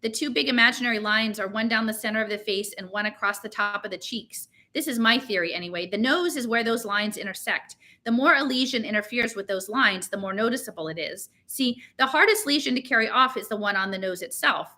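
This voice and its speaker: A woman reading aloud and voicing a calm, odd teenage girl who explains things in a measured way. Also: a little high. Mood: explaining.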